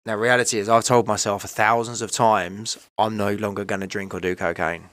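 A man's voice: fairly low pitch, level tone, moderate pace, fairly bright tone, no room sound, clean studio sound. A man, telling his own story in a candid, emotional, rambling way, often asking "right?" and "you know". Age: 30s. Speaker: podcast guest.

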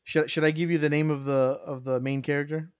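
A man's voice: on the high side, little pitch movement, brisk, clean tone, no room sound, clean studio sound. A man in casual chat, teasing his friends with exasperated banter.

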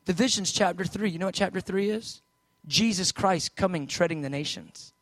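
A man preaching a sermon, moving from shouted urgency to hushed, low storytelling as he acts out prayers and replies. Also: moderate pace, dry recording.

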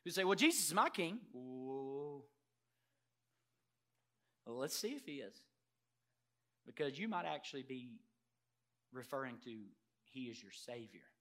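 A man preaching a sermon as pastor, emphatic, swinging from loud declarations to quiet earnest asides and putting questions straight to the congregation. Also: medium pitch, lively intonation, slow pace, long pauses. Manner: addresses congregation directly with rhetorical questions.

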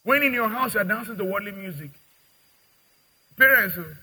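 A middle-aged male pastor preaching a sermon, acting out little dialogues and swinging from quiet to loud. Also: high-pitched, a little fast, pauses often, breathy edge, poor audio. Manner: preaching with dramatic acted-out dialogue and big swings in loudness.

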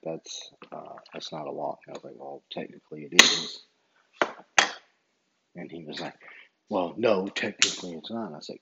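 A basketball referee with a fairly low, darkish, slightly rough voice tells a story casually and ramblingly, recounting each exchange line by line with many "I said" lines. The audio sounds dull.

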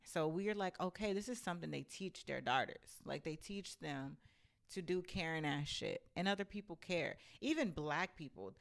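A woman telling a story from her own life in a blunt, animated and profane casual rant. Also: on the low side, normal speed, creaky.

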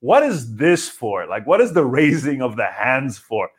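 A man co-hosts a relaxed conversation, wandering through his points with many likes and uhs. His pitch sits right in the middle. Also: unhurried, husky. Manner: rambling, chatty, full of fillers. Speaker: podcast co-host. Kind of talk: casual chat.

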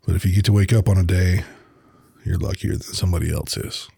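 A man's voice: sits low, fairly even intonation, quick pace, vocal fry, dark tone, breathy edge, dry recording, clean studio sound. A man hosting his own podcast, talking alone in a blunt, profane but earnest and reflective way. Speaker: podcast host. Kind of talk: casual solo monologue.

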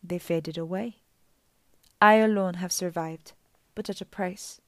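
A woman reading an audiobook voices a lonely, sweetly sinister old woman who talks slowly and soothingly. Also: fairly low pitch, steady tone, fairly bright tone, no room sound, clean studio sound. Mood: mournful. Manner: slow, soothing and sad.

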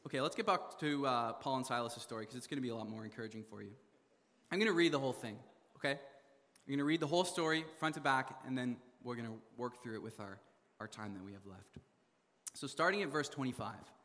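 A young man from Canada telling a funny story in a sermon, animated, laughing often and full of fillers. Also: mid-range voice, fast talker, in a large hall. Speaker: preacher.

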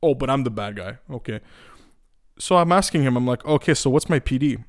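This young Eastern European man speaks briskly in a mid-range voice, recorded dry at studio quality. His casual rant is profane and lively, full of false starts and filler words.

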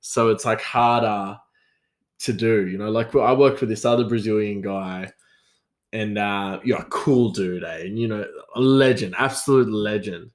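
A man's voice: lowish voice, unhurried. A young man telling casual stories in a rambling way, laughing often. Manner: rambling, lots of fillers and restarts, frequent laughter. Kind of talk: casual storytelling.

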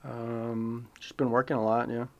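Male podcast co-host, mid-pitch, slow, easygoing with lots of fillers. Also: monotone, a little mellow, slight background noise. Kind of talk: casual podcast chat. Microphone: remote recording setup.

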